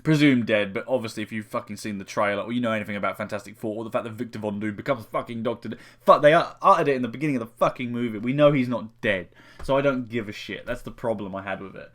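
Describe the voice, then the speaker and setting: A man's voice: lowish voice, fast, a bit bright. A young man giving a casual spoken film review, rambling and swearing heavily with frequent restarts.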